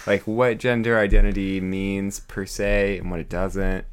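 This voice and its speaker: A man with a notably deep voice co-hosts a casual podcast. He rambles through fillers and puts on a mock-pompous air. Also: flat delivery, a little slow, clean tone. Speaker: podcast co-host. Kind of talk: casual chat.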